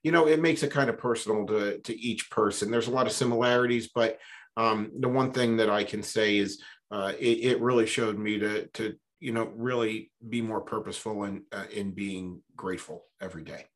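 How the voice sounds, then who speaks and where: Low-voiced man telling stories. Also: moderate pace. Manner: relaxed, reflective, fillers like "you know". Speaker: interview guest, business coach. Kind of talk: conversational storytelling.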